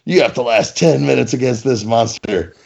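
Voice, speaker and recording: A man in casual chat about wrestling, profane and animated, slipping into mock-indignant banter. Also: medium pitch, moderate pace, creaky, lo-fi sound.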